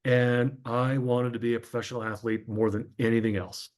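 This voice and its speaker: A man's voice: mid-range voice, level tone, moderate pace, a little mellow. A man in his fifties from northern New Jersey, a former sportscaster, telling his life story as an interview guest in a chatty, anecdotal way with frequent fillers.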